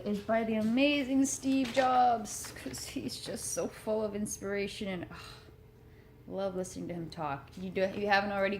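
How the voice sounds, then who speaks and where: A woman talks at home in a loose, rambling way, earnest and a little self-deprecating. Her voice sits at a middle pitch. A faint hiss of room noise hangs under her words. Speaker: motivational vlogger. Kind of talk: rambling casual chat.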